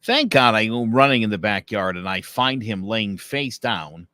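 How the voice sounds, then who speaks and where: A man co-hosting a casual podcast, telling animated stories. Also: fairly low pitch, moderate pace, no room sound. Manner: animated storyteller who acts out dialogue. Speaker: podcast co-host.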